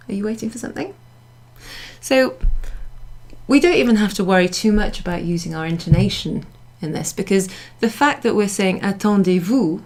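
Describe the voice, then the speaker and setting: A woman's voice: medium pitch, darkish tone. A woman teaching a beginners' French class, explaining patiently step by step and repeating her examples. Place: pub function room, classroom class.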